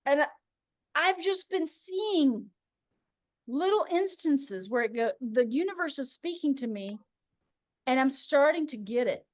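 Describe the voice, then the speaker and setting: A woman hosting a casual spiritual chat, telling stories in an animated way and acting out the voices of people she quotes. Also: high voice, unhurried, long pauses, no room sound, clean studio sound. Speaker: host.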